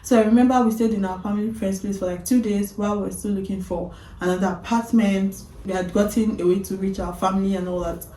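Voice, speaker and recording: A woman vlogger casually retelling a story, animated, often breaking into laughter. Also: mid-range voice, quick pace, few pauses, echoey room, recorded from a distance, slight background noise, low-quality recording.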